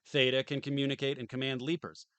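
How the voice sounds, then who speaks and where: A man's voice: medium pitch, flat delivery, fast, a bit bright, clean tone, no room sound. A tired man streaming from home, reading a game manual aloud on a close desk mic and tossing in dry joking asides. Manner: dry, joking asides between read passages.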